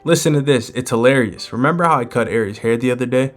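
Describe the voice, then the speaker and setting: Man doing a trickster god, playful, scheming, chatty, teasing, middle pitch. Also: fast talker, faint music behind, close to an everyday voice.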